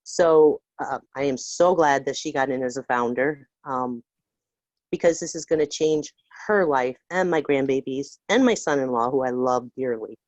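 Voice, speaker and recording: Older lady calling in, low voice, earnest and heartfelt, muffled dry call audio. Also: moderate pace, darkish tone, no echo. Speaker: caller. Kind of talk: casual group call talk.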